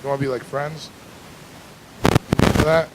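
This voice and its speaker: A man performing a stand-up comedy set on a club stage, telling deadpan stories that build into loud rants. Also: medium pitch, a little slow, very noisy.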